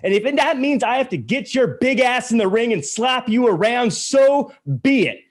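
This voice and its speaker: Guy doing a fed-up interviewer cutting a promo, defiant, high voice with big swings. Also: big pitch swings, moderate pace. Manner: defiant, building to a shout. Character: fed-up young male wrestling interviewer standing up to bullies. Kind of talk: wrestling promo.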